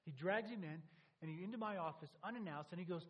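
A man's voice: sits high, quick pace, husky, poor audio. A male pastor preaching a sermon, telling a story with emphatic repeated lines. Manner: animated storytelling with emphatic repetition.

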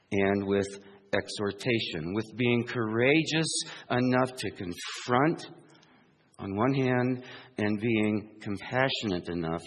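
A male pastor preaching an earnest sermon. He swings between emphatic peaks and hushed asides, and slows down to spell out key words. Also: medium pitch, husky, in a large hall.

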